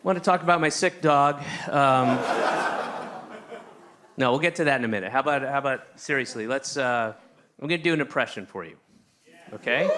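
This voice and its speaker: A stand-up comic in New York talks with the audience, sardonic and teasing in a conversational style. His voice is medium-pitched at a moderate pace with frequent pauses, and the background is noisy.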